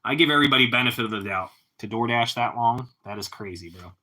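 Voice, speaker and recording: A laid-back man talking to his viewers on a livestream. His voice is strikingly bright and sharp, at an ordinary middle pitch. He laughs a lot and keeps tagging his lines with "bro" and "man.". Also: quick pace. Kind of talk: casual livestream chat with viewers.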